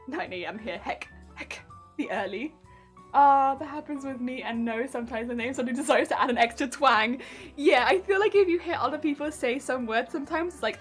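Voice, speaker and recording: A woman's voice: high voice, fairly quick. A woman streaming while she crafts a cosplay, chatting casually, giggling often and reading out her chat. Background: soft background music.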